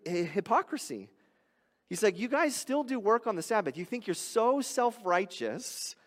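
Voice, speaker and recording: A man preaching a sermon as a pastor, explaining scripture in a conversational, animated way that builds to loud emphasis. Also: a little high, long reverb tail.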